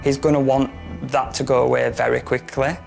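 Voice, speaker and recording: A man giving a documentary interview as a friend of the interviewee, speaking in a sober, measured way. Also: mid-range voice, little pitch movement, gravelly, darkish tone. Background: faint music.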